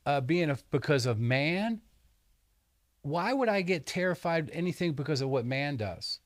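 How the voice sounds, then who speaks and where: A man's voice: a little high, no echo, studio quality. Rambling, jokey male podcast host. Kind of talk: casual Bible discussion.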